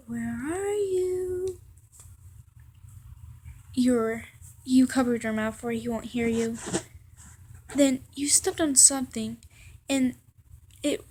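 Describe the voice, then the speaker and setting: A young woman reading a second-person fan story aloud in a halting way, with fillers and restarts. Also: high voice, mellow.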